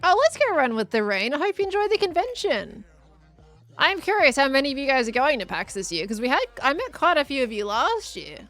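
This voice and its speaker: A woman's voice: high-pitched, sing-song, brisk, fairly bright tone, faint music behind. A woman chatting casually with her live chat while she plays, thinking aloud as she goes. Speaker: streamer.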